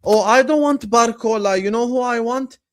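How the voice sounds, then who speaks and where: A man's voice: very high-pitched, moderate pace, fairly bright tone, pitched above the performer's own voice. A man putting on the voice of a whiny, demanding male football fan in a mocking, nagging way.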